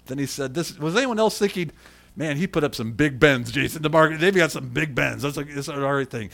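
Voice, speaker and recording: A man's voice: fairly high pitch, animated, a little fast, creaky, fairly bright tone. A middle-aged man preaching a sermon in a conversational way and calling on people in the congregation by name. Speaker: pastor.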